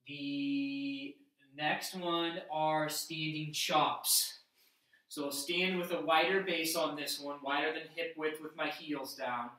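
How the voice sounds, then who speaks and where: A man's voice: a little high, steady tone, slow, pushed and bright. Man explaining exercises in an echoey room. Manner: talks while demonstrating moves, explaining step by step. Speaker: fitness instructor. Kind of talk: instructional workout demo. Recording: very echoey room, mic at a distance.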